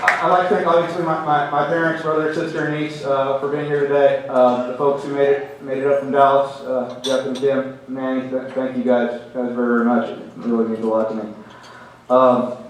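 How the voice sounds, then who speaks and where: A middle-aged man giving a hall of fame acceptance speech, halting and restarting often, with self-deprecating humor. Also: medium pitch, flat delivery, a faint crowd, a little hiss or hum. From Oklahoma. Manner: halting, many restarts and repeated words. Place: banquet hall. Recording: very echoey hall, heard from a distance.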